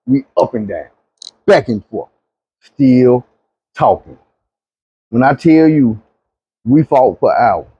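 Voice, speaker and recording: Guy with a husky voice telling a dream story all animated, dry dull lo-fi sound. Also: dry recording. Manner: animated storytelling, drops low and quiet for pleading. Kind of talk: recounting a dream testimony.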